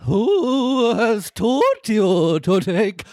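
A chilly old ghost woman speaks with a wavering warble, drawn out very slowly and swooping wildly up and down, as a man puts her on. Her tone is dark and mellow, and she scolds with cold sternness. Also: high-pitched, sing-song, dry recording, studio quality, voice pushed up, full character voice. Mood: stern ghostly. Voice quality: warbling, quavering. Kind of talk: comic podcast story reading.

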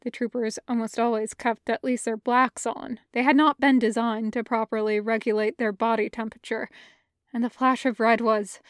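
A woman narrating a fan fiction audiobook with a measured, careful reading. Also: fairly high pitch, little pitch movement, dry recording, clean studio sound. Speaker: podfic reader.

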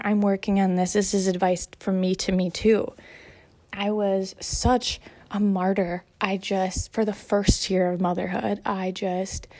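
Slightly breathless as she folds laundry, this young woman and mother offers self-care advice in a casual, chatty monologue full of fillers. She sounds encouraging, speaking at a medium pitch with a darkish tone.

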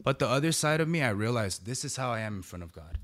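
A man's voice: medium pitch, sing-song, fast talker, a bit bright. A middle-aged man, a podcast guest and preacher, talking earnestly and casually, often adding "bro" and "right?". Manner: earnest and conversational, peppers speech with "bro" and "right?". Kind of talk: casual chat.

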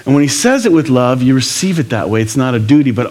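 Male pastor, lively sermon, casual asides, mid-pitched voice. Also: fast, hardly any pauses. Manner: animated, conversational, jokey asides.

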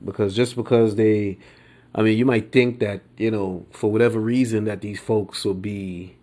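An American podcast host with a fairly low, steady, warm voice shares his opinions in a slow, meandering monologue. He's laid-back and colloquial, with lots of slang, fillers and restarts.

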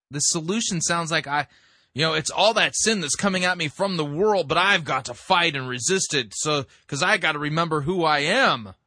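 A man commenting critically on a sermon, explaining scripture in a measured way. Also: on the high side, pushed and bright, dry recording, clean studio sound. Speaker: sermon reviewer.

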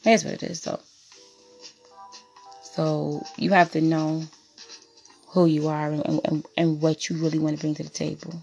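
A woman holds forth on her podcast in a lowish voice. She is blunt and profane, and she hammers her points home by repeating phrases. Faint music plays underneath. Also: flat delivery, a little slow, vocal fry, long pauses, darkish tone, muffled recording. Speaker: podcast host. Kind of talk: impassioned monologue.

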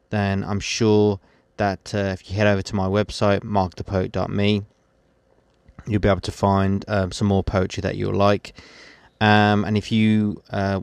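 Guy reading his poems slow and steady, dry close mic, no room sound at all. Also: lowish voice, clean tone, no echo. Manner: measured recitation, then halting unscripted outro with many fillers. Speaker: poet and podcast host. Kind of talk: poetry reading.

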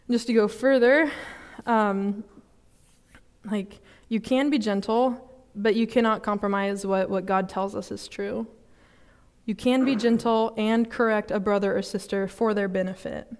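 A young woman giving a sermon at a student fellowship, casual and chatty, with many fillers and quick laughs at herself. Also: medium pitch, darkish tone. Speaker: student ministry speaker. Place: church service hall.

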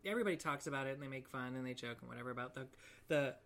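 A young woman with a notably low-pitched voice talks casually as a podcast co-host. She is giggly and playful, trading jokes with her friend. Her tone is relaxed and conversational. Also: racing. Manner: giggly, joking, breaks into silly accents. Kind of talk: casual chat.

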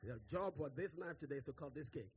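A man's voice: a little high, fast talker. A male pastor giving church announcements and leading a birthday celebration, full of "hello" and "glory to God".

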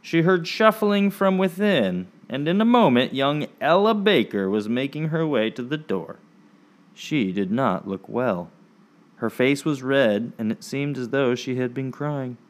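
A man narrating a storybook episode in an expressive, animated storytelling manner. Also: mid-range voice, unhurried.

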